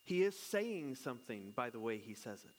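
A man's voice: medium pitch, big pitch swings, normal speed. A man, a pastor who is married and has children, giving a casual, conversational sermon. He jokes and keeps asking his listeners questions. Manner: chatty and joking, asks the congregation questions.

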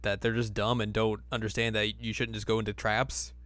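A man's voice: fairly low pitch, level tone, a little fast, a bit bright, no room sound. Male podcast host, easygoing and jokey, dry close recording. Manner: loose, joking, acts out characters in silly voices. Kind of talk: casual chat recapping an anime episode.

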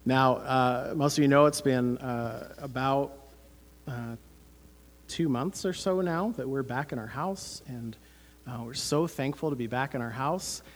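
A man's voice: medium pitch, measured pace. A man, preaching a sermon as pastor, earnest and conversational with many fillers.

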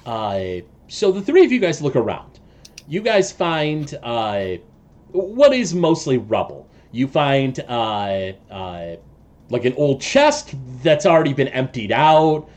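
A man's voice: mid-range voice, very animated, a little mellow. A man running a tabletop game as game master, narrating the action with frequent fillers and restarts. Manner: halting, many fillers and restarts.

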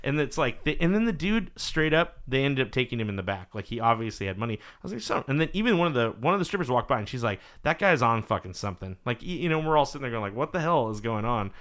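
Hombre animado que cuenta anécdotas. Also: male voice, medium pitch, racing, hardly any pauses. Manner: animated storyteller, swears freely, acts out quotes. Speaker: podcast host. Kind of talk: casual chat.

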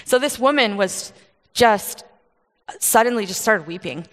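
A woman from Michigan giving a conversational sermon, telling stories with quick asides and frequent laughs. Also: fairly high pitch, lively intonation, in a large hall. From Michigan, USA. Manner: casual storytelling, quick asides, laughs often. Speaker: preacher.

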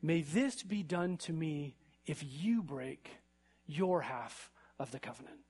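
A man preaching a sermon in an animated way, building to emphatic peaks and often checking in with "right?". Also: fairly high pitch, takes it slowly, slightly rough.

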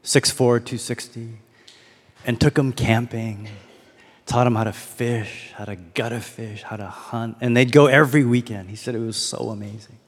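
A man's voice: medium pitch, fairly even intonation, normal speed. A man giving a sermon as a pastor, in a casual storytelling manner that leans on rhetorical questions. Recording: long hall reverb.

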